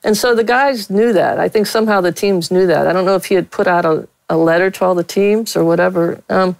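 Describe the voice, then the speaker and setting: A woman's voice: fairly low pitch, fairly quick, creaky, no room sound, poor audio. A woman from Pittsburgh, a veteran sportswriter, telling blunt stories in a casual interview with many fillers and laughs. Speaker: sportswriter guest.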